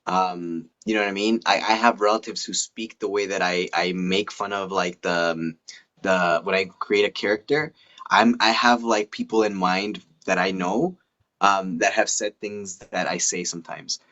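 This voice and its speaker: Man in a halting live-stream chat. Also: low-pitched, steady tone, a bit bright, highs cut off. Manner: halting, many fillers and restarts. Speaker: comedian and live-stream host.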